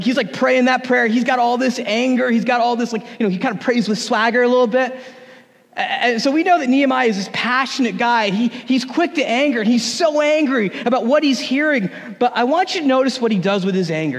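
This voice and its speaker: A man preaching a sermon in a relaxed, conversational way, with humor. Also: extremely high pitch, fairly quick. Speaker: pastor. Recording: long hall reverb.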